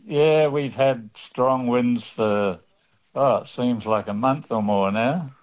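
A man calling a radio show, measured and friendly as he describes the weather. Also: medium pitch, muffled recording. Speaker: caller. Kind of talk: phone-in chat.

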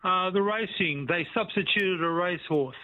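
Male caller, high voice, tinny phone line, polite. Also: moderate pace, a little hiss or hum.

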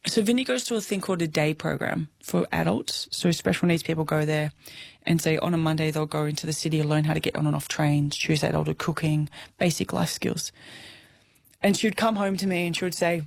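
An Australian woman in her thirties speaks openly as an interview guest, her voice carrying a gravelly, creaky grain. She is candid and emotional, laughing easily and swearing casually. The recording is close and dry. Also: sits low, fairly even intonation, brisk, dry recording.

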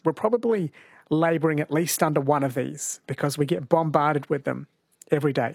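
A man's voice: on the high side, creaky, no room sound, studio quality. A man hosting a talk radio program, introducing segments and chatting with guests in a friendly, easy manner. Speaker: radio host.

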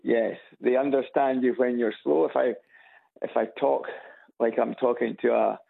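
A man's voice: mid-range voice, steady tone, moderate pace, vocal fry, slightly rough. A Scottish man calling in to a radio show, speaking earnestly and with some hesitation. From Scotland. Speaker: caller. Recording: tinny phone line.

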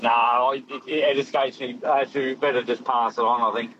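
A man's voice: mid-range voice, fairly even intonation, normal speed, a bit bright, muffled recording, a little hiss or hum. A man, calling in to a radio quiz and chatting casually, joking and rhyming as he laughs often. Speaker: caller.

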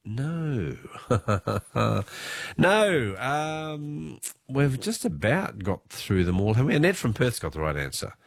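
Australian man, quiz host, animated intonation, dry close sound, fighting a cold, jokey. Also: medium pitch, takes it slowly, vocal fry, dry recording. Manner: jokey, chatty, laughs often. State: has a cold, voice lower than usual. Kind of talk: talkback radio quiz.

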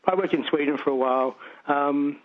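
A man's voice: a little high, brisk. A middle-aged Australian man calling in to a radio show, talking in a chatty, hesitant, rambling way. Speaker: caller. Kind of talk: casual phone-in chat. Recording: tinny phone line.

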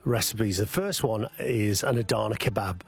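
A man's voice: on the low side, normal speed, vocal fry. A man speaking as a guest chef on a radio cooking segment, rambling and hesitant with many fillers. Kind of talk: casual radio cooking chat.

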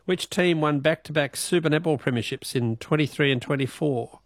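A man's voice: a little high, moderate pace, no room sound, studio quality. A man with an Australian accent hosting a radio quiz, playful and teasing, laughing often. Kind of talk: casual radio talk.

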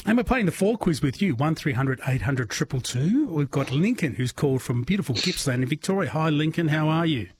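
An Australian man runs a phone-in quiz on overnight radio in a chatty, jokey way, cheering his callers on. His voice sits a little high and has a husky edge. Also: animated, fairly quick, few pauses. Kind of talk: casual overnight radio chat.

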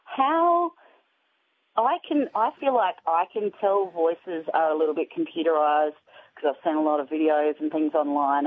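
A woman's voice: sits low, slight background noise. A woman with an Australian accent, telling a story as a guest on a radio show. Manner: chatty storytelling. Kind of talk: casual chat. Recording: tinny phone line.

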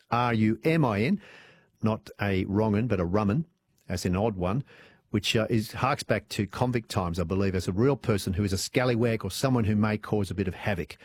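A man's voice: fairly low pitch, darkish tone. An Australian man hosting live talkback radio, chatty and rambling, with many fillers and restarts, speaking into a studio microphone. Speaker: radio host.

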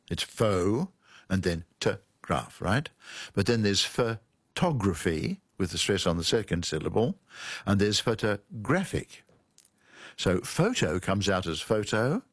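A man with a low, gravelly voice talks on a radio talk show as a guest language expert. He explains in a lecturing way and spells words out letter by letter. His voice sits close and dry on a studio microphone. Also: dry recording.

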